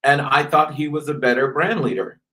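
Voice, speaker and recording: A man's voice: a little high, normal speed. A man from the American South, a fashion designer who is a guest on a radio interview and tells stories animatedly, often restarting his sentences. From US South, North Carolina. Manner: animated storytelling with many restarts.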